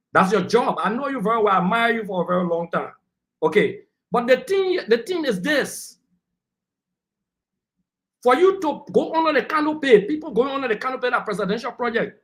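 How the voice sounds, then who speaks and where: A man's voice: very high voice, fairly bright tone. A man, arguing heatedly as a panelist on a political talk show and lecturing the people who cut in. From Liberia. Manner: combative, lecturing, talks over interruptions.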